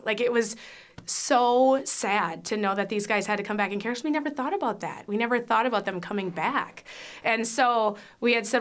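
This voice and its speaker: A woman's voice: fairly high pitch, fairly bright tone. A woman speaking as a foster parent in a personal faith testimony. She talks openly and with feeling, stumbling through fillers and restarts as she remembers. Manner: candid, emotional, with frequent fillers and restarts.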